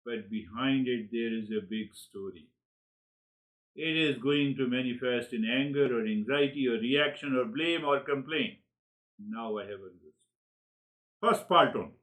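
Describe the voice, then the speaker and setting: A man giving a spiritual lecture, animated, who acts out inner dialogues and often repeats words as he searches for the next one. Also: medium pitch, normal speed, poor audio. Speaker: spiritual teacher.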